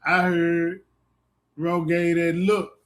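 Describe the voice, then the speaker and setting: A man hosting a podcast, talking in a halting way with lots of repeated fillers. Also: on the high side, level tone, fairly bright tone. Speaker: podcast host. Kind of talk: casual chat.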